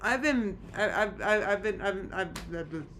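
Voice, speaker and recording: A woman livestreaming from her room, talking to her chat at a middle pitch. She rambles and restarts, sounding anxious. A faint hiss of noise sits under her voice. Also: animated, normal speed, fairly bright tone. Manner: rambling, anxious, many restarts and nervous laughs. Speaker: streamer chatting with live chat. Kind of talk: casual live-stream chat.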